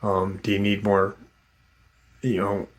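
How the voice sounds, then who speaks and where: A man voicing a calm wife and mother who offers steady, soothing reassurance. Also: lowish voice, slow pace. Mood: reassuring.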